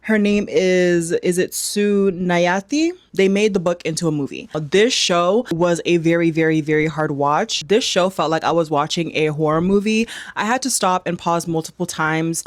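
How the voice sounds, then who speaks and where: A woman's voice: on the low side, normal speed, hardly any pauses, no room sound. A young West African woman with a slight South African lilt, chatting emphatically as she reviews a show straight to her viewers. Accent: South African-tinged. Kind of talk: casual direct-to-camera review.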